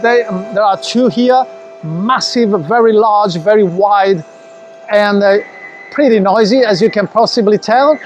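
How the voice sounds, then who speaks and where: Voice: medium pitch, unhurried, soft background music. Enthusiastic guide on a live product tour. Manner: enthusiastic, with frequent restarts and fillers. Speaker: company presenter. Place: large indoor warehouse workshop.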